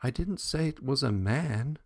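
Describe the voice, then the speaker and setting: A man's voice: medium pitch, animated, unhurried, a little mellow, no room sound, studio quality, pitched above the performer's own voice. A man voicing an evasive, puzzled little girl with hesitant replies.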